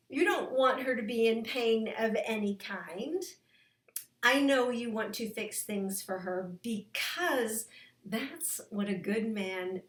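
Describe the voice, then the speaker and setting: A woman relationship coach speaking straight to her male viewers, lively and expressive, acting out the husband's thoughts. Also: on the high side, reverberant. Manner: animated, acts out the husband's inner voice with laughs. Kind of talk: direct-to-camera coaching talk.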